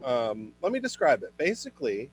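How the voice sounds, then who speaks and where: Animated man doing stand-up comedy. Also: moderate pace, a little hiss or hum. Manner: animated, jumps into high put-on voices for characters. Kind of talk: virtual stand-up set. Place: home, online comedy show.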